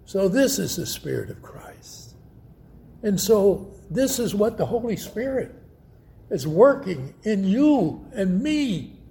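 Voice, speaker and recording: A man's voice: sits high, big pitch swings, vocal fry, warm tone. A man preaching a sermon, telling stories and acting out quoted voices. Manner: slow, storytelling with quoted voices.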